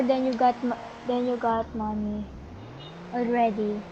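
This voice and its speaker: A woman's voice: on the high side, little pitch movement, unhurried. A young woman casually commenting on her own gameplay, chatty and exclamatory, calling out to other players. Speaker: gaming channel host. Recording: muffled lo-fi audio with noise.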